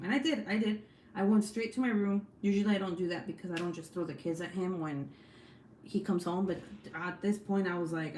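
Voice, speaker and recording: Young woman, casual storytelling chat, profane, acts out quotes, middle pitch, faint room noise. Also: brisk. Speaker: craft vlogger.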